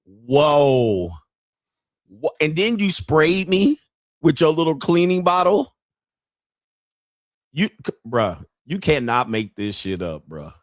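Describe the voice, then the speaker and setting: A man hosting a live stream as a dating coach, reacting to clips in a loud, mocking way and jumping into shouted bits. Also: fairly high pitch, expressive, a little slow, long pauses, no room sound, clean studio sound.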